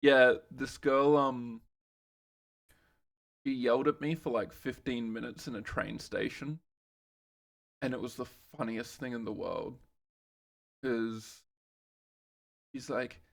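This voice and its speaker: A man's voice: medium pitch, fairly even intonation, slow, vocal fry, pauses often. A young man streaming a game, casually telling a story in a laid-back way, swearing and laughing as he goes.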